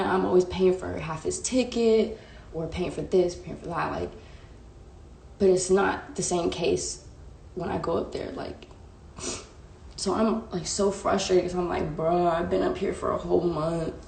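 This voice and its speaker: A woman's voice: fairly low pitch, gravelly, darkish tone, slight background noise. A young woman vlogger telling a personal story casually and emotionally, full of slang and fillers. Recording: echoey room.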